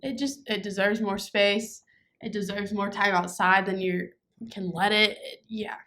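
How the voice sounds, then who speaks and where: A woman's voice: medium pitch, fairly even intonation, a little slow, fairly bright tone. A young woman co-hosting a casual podcast chat, opinionated and emphatic, often restarting her sentences. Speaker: podcast co-host.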